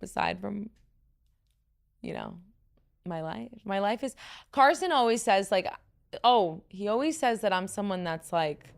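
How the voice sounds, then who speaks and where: A young woman hosting her own podcast in casual, chatty talk. Her voice sits a bit deep, with some vocal fry, and she runs on with fillers and asides. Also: expressive, measured pace, long pauses. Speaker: podcast host. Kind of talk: casual chat.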